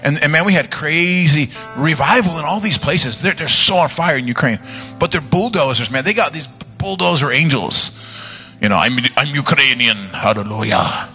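Preacher guy, bit high and bright, cracking jokes then praying hard. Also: moderate pace, faint music behind. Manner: animated, joking storyteller, loud fervent praying. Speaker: guest preacher. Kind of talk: charismatic sermon with prayer.

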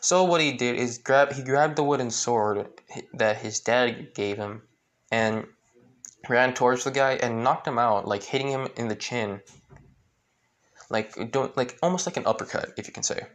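A man retelling a fan story in a halting way, with many restarts and fillers. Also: mid-range voice, a bit bright.

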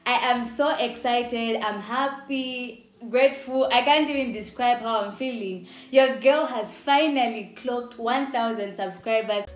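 A woman's voice: a little high, a little slow, few pauses. A young woman with a Zambian accent, chatting upbeat to camera in a casual vlog and laughing often. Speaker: YouTuber. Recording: echoey room with faint music.

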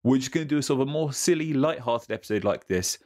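A man co-hosting a history podcast, talking in a relaxed, chatty way with fillers and restarts. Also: medium pitch, fast. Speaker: podcast co-host. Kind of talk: casual history podcast chat.

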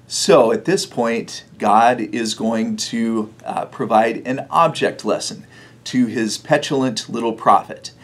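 Husky-voiced man preaching a sermon. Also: mid-range voice. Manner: conversational storytelling with chuckles. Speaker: pastor. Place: church.

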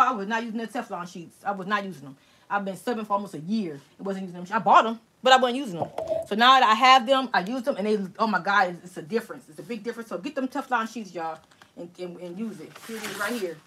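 A woman hosting a casual live-stream crafting tutorial, chatty and excitable, talking straight to her viewers. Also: mid-range voice. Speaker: crafting channel host.

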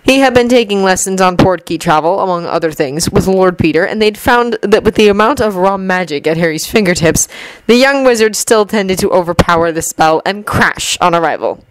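A woman narrating a fan fiction audiobook in a steady storytelling manner. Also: mid-range voice, fairly quick, no room sound, low-quality recording.

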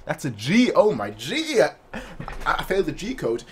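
A man's voice: a little high, wildly swooping pitch, normal speed, slightly rough. Hyped guy reacting to manga, bouncy voice going all over, tosses in silly character voices. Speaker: manga reaction channel host. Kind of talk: excited manga reaction commentary.

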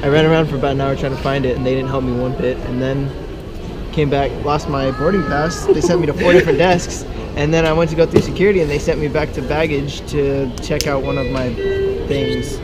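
A man's voice: a little high, steady tone, fairly quick, loud music behind the voice. A man telling a frustrated travel story in a casual vlog, ranting about his bad day. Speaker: vlogger. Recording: loud outdoor street noise.

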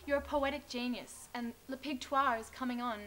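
A fawning, pretentious actress, played by a woman gushes with flattery. Her voice is bright, sharp and fairly high. It comes from a mockumentary comedy. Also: moderate pace, slight background noise, rough recording. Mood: gushing. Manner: gushing, flattering.

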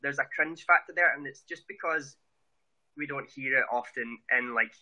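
A man's voice: mid-range voice, normal speed, sharp tone, highs cut off. A man with a Scottish accent chatting earnestly as an interview guest over a video call, often restarting his sentences. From Scotland. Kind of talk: casual interview chat.

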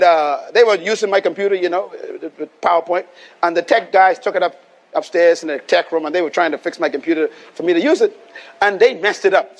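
A Bahamian man preaching a live sermon, emphatic and repetitive, calling on the congregation to respond and repeat after him. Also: high voice. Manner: emphatic, repeats lines and calls for audience response. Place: live venue before a congregation.

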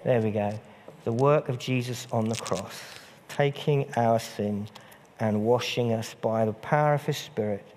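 A man's voice: medium pitch, unhurried, a little mellow. A man preaching a sermon in a church, earnest and repeating phrases for emphasis. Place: church hall. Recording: long church reverb.

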